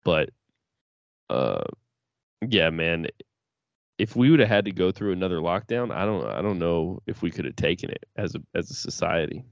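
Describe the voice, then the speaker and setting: A low-pitched man in loose podcast banter. He swears freely and trips over his restarts. The sound is dry and close, with no room echo. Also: lively intonation, normal speed, creaky, pauses often, lo-fi sound. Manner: laid-back, swears often, lots of fillers and restarts. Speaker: podcast co-host. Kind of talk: casual chat.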